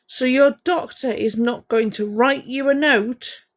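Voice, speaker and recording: A high-pitched woman talks a little slowly as she confrontationally scolds someone during a ranting livestream monologue. Between points, she breaks off to say hello to viewers by name.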